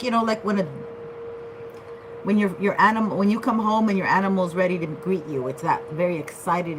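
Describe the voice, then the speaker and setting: A woman's voice: fairly low pitch, noisy background. A woman giving a casual tarot reading, chatty and loose, often checking in with "okay?". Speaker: tarot reader.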